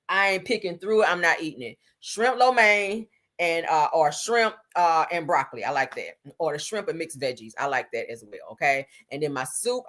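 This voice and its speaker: A woman's voice: fairly low pitch, fairly bright tone. A middle-aged woman with hosting a live stream, chatting casually and saltily with her viewers and laughing often. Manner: chatty, salty, laughs often, talks to chat. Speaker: livestream host.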